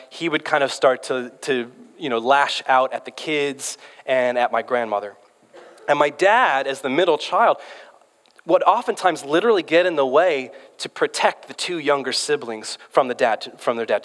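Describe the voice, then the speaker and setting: A man's voice: medium pitch, moderate pace, a bit bright. A man in his thirties preaching a sermon in a conversational, storytelling way, often restarting his words. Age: 30s. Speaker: pastor. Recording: long hall reverb.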